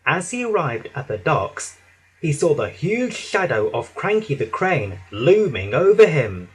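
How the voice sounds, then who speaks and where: A man narrating a children's storybook with an expressive, dramatic reading. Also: a little high, measured pace, slight background noise.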